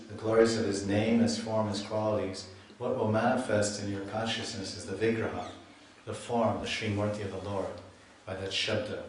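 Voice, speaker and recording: A man lectures on scripture in a loose, chatty way, breaking off and restarting his sentences as he tells stories. His voice sits fairly low, and the echoey hall recording sounds like it was picked up from a distance. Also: slight background noise. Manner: chatty storyteller, laughs at himself, restarts often. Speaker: swami giving a scripture lecture.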